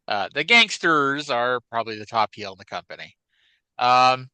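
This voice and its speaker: A man's voice: fairly high pitch, sharp tone, dry recording, low-quality recording. A man co-hosting a wrestling podcast in a casual, rambling chat. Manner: chatty, rambling, with fillers. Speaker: podcast co-host.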